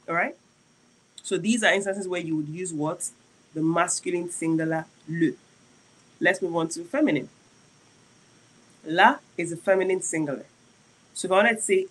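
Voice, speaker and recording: A French teacher giving a live-streamed lesson, chatty and checking in with viewers often, slowing down to spell out French example sentences. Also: mid-range voice, fairly bright tone, poor audio.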